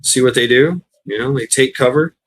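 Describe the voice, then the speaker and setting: A man's voice: mid-range voice, brisk, fairly bright tone, slight background noise. Rambling, foul-mouthed man hosting a stream. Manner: rambling, swears often, laughs, acts out quoted voices. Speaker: livestream host. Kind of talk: casual profane chat.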